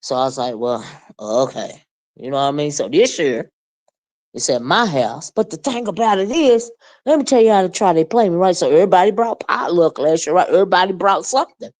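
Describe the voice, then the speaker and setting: Animated and a bit fast, this woman in her fifties speaks in a fairly low, slightly mellow voice, casually addressing a fellow creator on camera. She's folksy and plain-spoken with a Southern flavor, constantly adding "you know what I mean" and "child." She sounds older than her age and calls herself a surly old bird.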